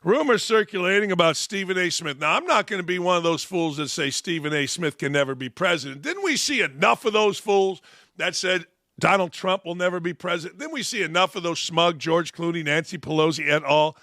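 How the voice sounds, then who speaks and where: Blunt, combative high-voiced male sports host. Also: animated, brisk, sharp tone, no echo, clean studio sound. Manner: blunt, combative, profane, sarcastic. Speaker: sports talk show host. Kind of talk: opinionated sports commentary rant.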